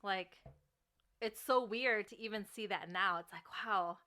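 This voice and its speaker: Bright-voiced playful female podcast co-host. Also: medium pitch, a little slow. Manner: laughing, playful, profane. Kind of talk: casual chat.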